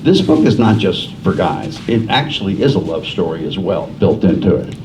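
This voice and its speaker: In a low, animated voice at normal speed, an older author from New Jersey shares casual, rambling stories that make fun of himself at a library forum. The sound, taken in a library meeting room, is distant and muffled with a faint hiss running underneath.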